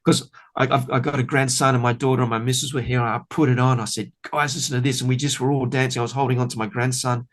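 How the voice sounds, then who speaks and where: A middle-aged man, a bass player talking enthusiastically in a casual podcast interview, rambling with lots of fillers. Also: steady tone, quick pace, few pauses. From Australia.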